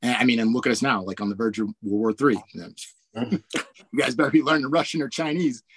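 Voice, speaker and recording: A man in his forties from Indiana, an army pilot, telling stories in a relaxed, chatty way full of fillers and frequent laughs. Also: mid-range voice, fast, breathy edge, no room sound. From Indiana, USA. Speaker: guest, army warrant officer pilot. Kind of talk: casual storytelling interview.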